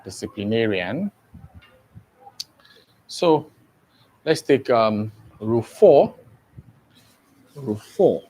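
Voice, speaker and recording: A male teacher who talks at a slow, deliberate pace. He spells out syllables letter by letter and keeps checking that his students follow him. His pitch sits in an ordinary middle range. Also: big pitch swings, dark tone, low-quality recording. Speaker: English teacher. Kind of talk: exam-prep grammar lesson.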